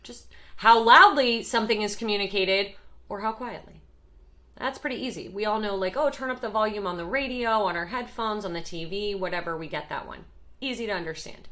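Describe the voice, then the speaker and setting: A woman explaining parenting communication in a lively, emphatic teaching talk, acting out short example voices. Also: medium pitch. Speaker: parenting educator.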